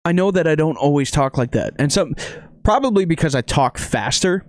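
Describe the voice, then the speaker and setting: A man from South Dakota, a musician guest on a podcast, talking fast and swearing in casual chat. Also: a little high, animated, dry recording, clean studio sound.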